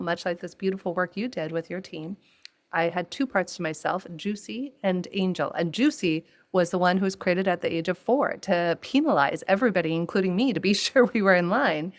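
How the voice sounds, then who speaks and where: A woman hosting a podcast, speaking in an earnest, reflective, conversational way. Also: fairly low pitch. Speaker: podcast host. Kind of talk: casual chat.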